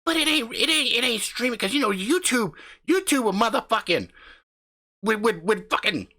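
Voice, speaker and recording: A man voicing a brash, boastful, foul-mouthed husband who talks loud and swaggering, swearing all the time, in an improvised comic story. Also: very high-pitched, expressive, moderate pace, voice pushed up, exaggerated voice.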